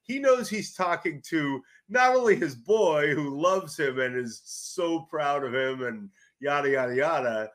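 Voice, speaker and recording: Middle-aged guy, bright forceful voice, kinda loud and animated, keeps restarting sentences, sports writer guest chatting. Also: on the high side, a little slow, hardly any pauses. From California. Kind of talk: casual podcast chat.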